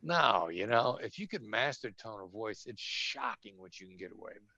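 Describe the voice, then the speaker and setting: A man's voice: lowish voice, very animated, normal speed, gravelly, dry recording. Assertive man, dry and dull sound. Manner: demonstrates tones of voice, shifting between gentle and sharp. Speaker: former hostage negotiator, interview guest. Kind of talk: conversational interview.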